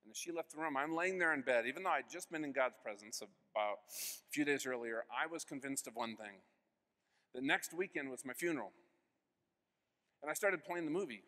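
A man's voice: medium pitch, a little fast, bright, forceful tone, long reverb tail. A man in his forties giving an earnest personal testimony at a conference, acting out the voices of people in his story. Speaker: conference speaker. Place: conference hall.

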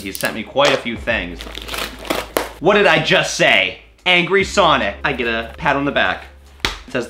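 A young man casually chatting and joking as he opens and reads fan mail aloud, with sudden high squeals. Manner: animated and jokey, with sudden high squeals and mock-gruff asides. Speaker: YouTuber opening fan mail. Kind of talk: casual vlog chat, reading letters aloud.

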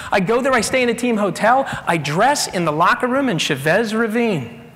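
A middle-aged man giving a storytelling keynote talk, animated and bursting into shouted voices of the people in his stories. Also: high voice, moderate pace. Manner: animated, acts out shouting characters mid-story. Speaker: keynote speaker. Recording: echoey hall with long reverb.

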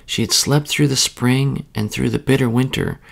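A man reading a children's bedtime story aloud in a slow, soothing, even way. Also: mid-range voice, gravelly.

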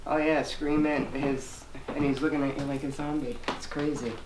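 A woman's voice: sits low, fairly even intonation, moderate pace, a little mellow. A middle-aged woman chatting casually in a matter-of-fact way, giving advice. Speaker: family member giving advice. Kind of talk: casual chat. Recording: distant mic, noisy room.

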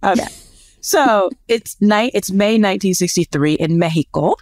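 A woman from the United States co-hosts a podcast and tells a story in an easygoing chat. Her pitch moves a lot as she talks, bright with laughter and self-deprecating asides. The voice sounds close and dry, with no room around it. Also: lively intonation, moderate pace, no room sound. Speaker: podcast co-host.

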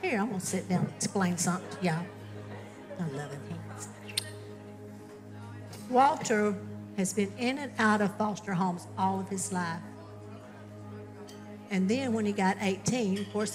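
A woman's voice: medium pitch, normal speed, pauses often, lightly acted. A woman playing a motherly, folksy diner woman in a church stage drama, doting on everyone. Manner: folksy, doting, calls people honey and darling. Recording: reverberant hall with faint music.

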